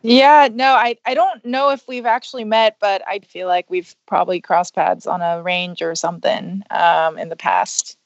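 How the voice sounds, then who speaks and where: A woman with an American accent, a podcast guest who chats in a friendly, relaxed and slightly hesitant way. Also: on the low side, normal speed, few pauses, no room sound, highs cut off. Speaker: guest, golf business executive. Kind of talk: casual podcast chat.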